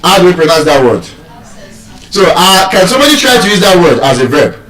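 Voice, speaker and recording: A man's voice: high voice, very animated, brisk, a bit bright. A man teaching pronunciation to a live audience, spelling words out letter by letter and quizzing the room in a teasing way. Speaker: speaker teaching English pronunciation. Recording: echoey hall, mic at a distance.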